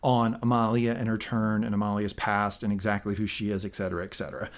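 A man's voice: lowish voice, level tone, fast. A man co-hosting a podcast, casually recapping a TV episode and reading out quoted lines. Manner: narrates plot, reads quoted lines aloud. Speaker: podcast co-host.

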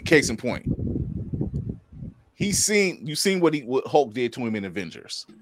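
A man's voice: mid-range voice, sing-song, moderate pace, no echo. A man co-hosting a casual pop-culture podcast, his voice rising and falling with lots of animation. He laughs often and acts out the lines he quotes. The sound is dry and close. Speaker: podcast co-host. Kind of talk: casual review chat.

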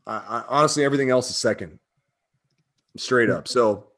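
A man's voice: mid-range voice, moderate pace, a bit bright. Rambling emotional man in casual chat. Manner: emotional, filler-heavy, rambling.

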